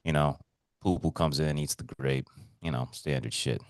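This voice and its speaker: A man hosting a podcast, telling a story in an excitable, rambling way with casual swearing and lots of repetition. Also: a bass voice, moderate pace, no room sound. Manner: excitable, swears freely, repeats himself. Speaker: podcast co-host.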